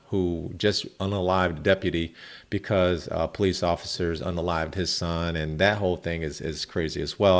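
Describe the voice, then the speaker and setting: A man's voice: sits low, creaky. A man hosting a reaction video, talking in a laid-back, chatty way and peppering his talk with "man". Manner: laid-back, frequent "man", chuckling asides. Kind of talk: casual commentary.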